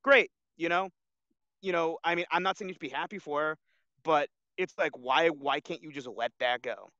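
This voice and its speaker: A man's voice: fairly high pitch, moderate pace, sharp tone, no room sound, lo-fi sound. A man co-hosting a casual online show, rambling with lots of fillers and restarts. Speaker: co-host. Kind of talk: casual podcast chat.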